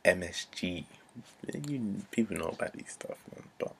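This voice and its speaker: A man's voice: low voice, moderate pace, vocal fry, slightly rough. A man, ranting earnestly to camera, repeating himself and dropping to a near-whisper at times. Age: 20s. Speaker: vlogger. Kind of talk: unscripted rant to camera.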